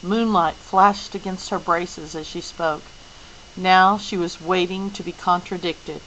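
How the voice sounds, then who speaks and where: A woman reading a novel aloud as narrator, expressive. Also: on the low side, a little slow, a little hiss or hum, low-quality recording. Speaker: audiobook reader.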